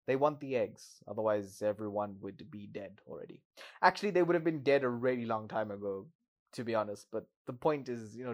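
Guy on a podcast doing a movie recap, sarcastic and fed up, mid pitch. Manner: sarcastic, exasperated asides.

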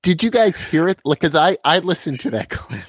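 Man, husky voice, giggly, asks questions, dry close sound. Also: fairly high pitch, big pitch swings, a little fast, no room sound. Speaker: podcast co-host. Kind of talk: casual chat.

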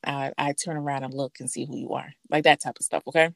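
A woman's voice: rumbling low, steady tone, quick pace, vocal fry, no echo. A woman hosting a casual chat, playful and teasing, reading out lines with a laugh. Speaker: host.

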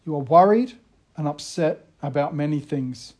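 High-voiced pastor, self-mocking. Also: male voice, normal speed. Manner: self-deprecating, animated storytelling. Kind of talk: casual conversational sermon.

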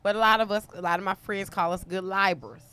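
A woman's voice: mid-range voice, fairly even intonation, fast talker, sharp tone, smooth. A woman telling a profane story in loose group chat, acting out both sides of the conversation. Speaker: panel guest. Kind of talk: loud casual group chat.

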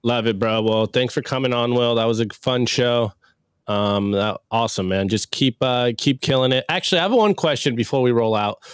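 A man hosting a casual livestream podcast, loose and upbeat as he wraps the show. His voice is smooth and clear, recorded dry and close with no room around it. He talks at a middle pitch in an easygoing, chatty way. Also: normal speed, dry recording. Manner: upbeat, loose, hype sign-off. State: recovering from illness. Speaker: podcast host.

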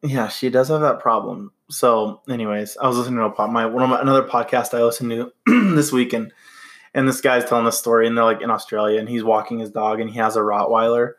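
A man's voice: medium pitch, steady tone, quick pace, a bit bright. A young man hosting a podcast, telling stories in a rambling, laughing way. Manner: laughs a lot, rambling with fillers. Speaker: podcast host. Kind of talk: casual chat and storytelling.

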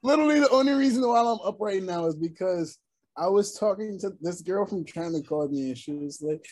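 A man's voice: high-pitched, expressive, a little fast, a little mellow. A tired young man chatting casually as a podcast co-host, rambling and laughing often. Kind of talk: casual chat.

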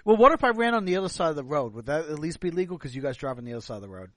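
A man's voice: on the high side, very animated, racing, no room sound. A man from the United States hosting a podcast, tipsy and long-winded, rambling in casual chat. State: tipsy from drinking. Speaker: podcast host.

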